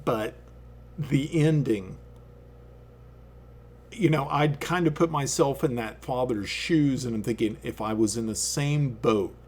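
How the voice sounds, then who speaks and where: Animated, swearing man telling a story. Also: mid-range voice, unhurried, pauses often. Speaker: stream host. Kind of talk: casual chat.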